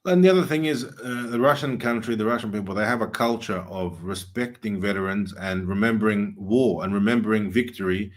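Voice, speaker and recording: Male host, low-ish voice, earnest delivery with many pauses. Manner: earnest, many filler uhs, rising emphasis. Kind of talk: political talk show.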